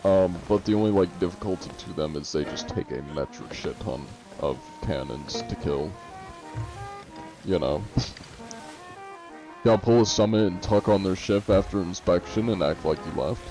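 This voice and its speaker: Laid-back, low-voiced male streamer. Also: big pitch swings, unhurried, over music, low-quality recording. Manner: laid-back, swears casually. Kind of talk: casual gameplay chat.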